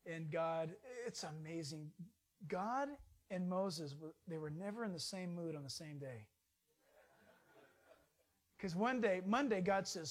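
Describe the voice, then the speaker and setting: A man preaching an informal sermon in a folksy, jokey way, swinging from loud bursts to hushed asides. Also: very high voice, a little slow, long pauses.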